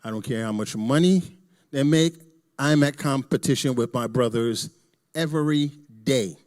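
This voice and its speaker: A middle-aged man giving a candid, joking talk to a church audience, swinging between loud emphasis and quiet asides. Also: medium pitch, normal speed. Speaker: church presenter.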